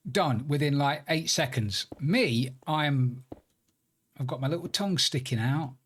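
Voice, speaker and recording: A chatty man gives loose, running commentary over his game stream. His voice sits a touch high for a man, and he keeps up a self-deprecating, joking banter. A faint hiss runs under the recording. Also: a little slow. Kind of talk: casual live-stream commentary while gaming.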